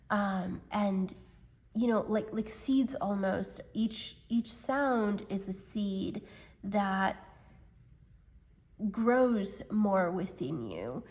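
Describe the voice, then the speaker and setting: A woman talks through a spiritual tarot reading at a slow, drawn-out pace. She speaks gently and hesitantly, often pausing and filling gaps with soft fillers. Her voice is mid-pitched and close to the mic. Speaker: tarot reader.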